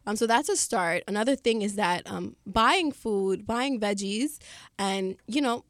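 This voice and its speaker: A woman's voice: mid-range voice, a little slow, dry recording, clean studio sound. A woman guest in a casual podcast chat, talking easily and laughing often while giving practical advice.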